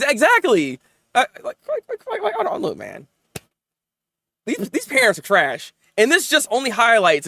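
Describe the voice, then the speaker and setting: A man hosting a casual anime review, talking in an excited, rambling way, often laughing, stammering and acting out characters. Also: high-pitched, no room sound, studio quality.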